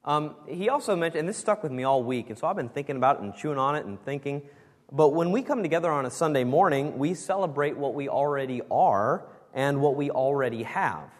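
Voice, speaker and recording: A man's voice: on the high side, animated, brisk. A man preaching a sermon as pastor, earnest and emphatic, leaning hard on key words. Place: church sanctuary. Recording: long reverb of a church hall.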